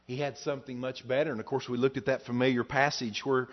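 A man's voice: medium pitch, little pitch movement, fast. A male pastor preaching a sermon to his congregation, telling a story in a folksy way with frequent fillers. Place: church service before a congregation. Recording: dull lo-fi sound.

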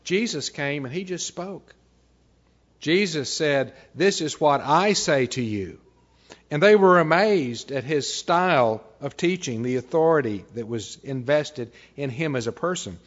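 A man preaching a sermon as a pastor, reading scripture and often dropping to a quiet, measured delivery. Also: a little high, lively intonation. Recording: dull, slightly lo-fi recording.

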